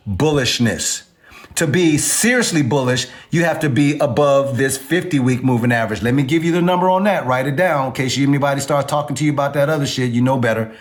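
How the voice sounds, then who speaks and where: Man, casual trading lesson, emphatic, repeats key numbers, average pitch. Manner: emphatic, repeats numbers, asks the audience to agree. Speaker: crypto trading instructor. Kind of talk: informal chart walkthrough lesson.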